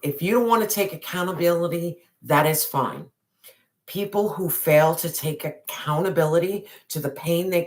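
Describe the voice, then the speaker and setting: A tarot reader talks straight to the viewer in a spiritual reading. The delivery is emphatic, with lines often repeated for weight. The talk is loose and casual, with slang and the occasional swear word. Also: medium pitch. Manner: emphatic and repetitive, speaking directly to the viewer.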